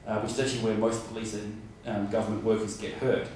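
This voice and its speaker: A man's voice: fairly low pitch, level tone, quick pace, darkish tone, slight background noise. A man giving a conference presentation, rambling with many fillers and restarts. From Australia. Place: conference room. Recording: roomy hall from far off.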